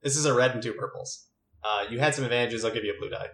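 A man's voice: mid-range voice, fast, a bit bright. Casual male game master, echoey room. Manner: casual, filler-heavy, laughs easily. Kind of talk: running a tabletop game. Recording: roomy echo.

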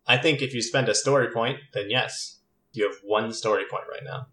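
A male game master running a tabletop session in a relaxed, filler-heavy way. His voice sits at a middle pitch. The room around him is roomy and echoing. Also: normal speed. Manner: casual, filler-heavy, laughs easily. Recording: roomy echo.

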